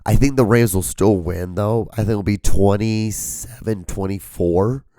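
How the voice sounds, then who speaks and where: A hoarse young man with a sore voice, rambling casually on his solo podcast, full of fillers and a slight upspeak. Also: fairly low pitch, a little slow, mellow, dry recording, clean studio sound. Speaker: podcast host. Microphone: camera mic, solo filming.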